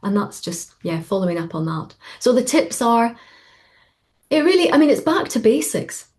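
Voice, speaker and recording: A middle-aged woman coach talks in a relaxed, chatty way over a video call. She slips into quoted voices as she tells stories from her work, with her pitch rising high for them. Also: moderate pace. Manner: animated storytelling, acting out quoted voices. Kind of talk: casual webinar talk.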